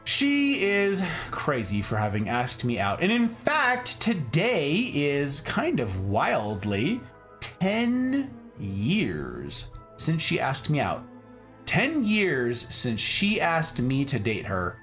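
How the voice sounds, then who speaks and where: A man's voice: on the high side, wildly swooping pitch, slow, a bit bright, soft background music. An American man in his thirties streaming casually, chatting with viewers in a playful, joking way. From United States. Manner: playful, jokey, drops into mock German asides. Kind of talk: casual live-stream chat reading out chat.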